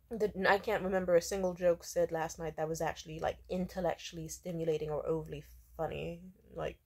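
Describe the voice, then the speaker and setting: A woman's voice: on the low side, fairly even intonation, fairly quick, vocal fry, hardly any pauses, a little mellow. Young woman, vlog storytime, casual and blunt, swears freely, indignant, lots of fillers. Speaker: vlogger.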